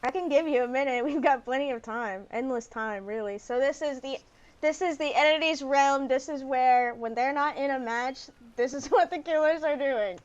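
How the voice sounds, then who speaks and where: Giggly high-voiced woman gaming streamer. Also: normal speed, dull audio. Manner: giggly, playful, reads story text aloud. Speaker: streamer playing a dating sim. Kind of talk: casual gaming commentary, reading game text aloud.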